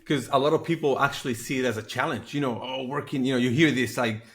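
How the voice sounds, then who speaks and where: A man's voice: mid-range voice, fast, fairly bright tone, slight background noise. A man hosting a casual interview, reacting to his guest with enthusiastic agreement. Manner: enthusiastic, affirming. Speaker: podcast host.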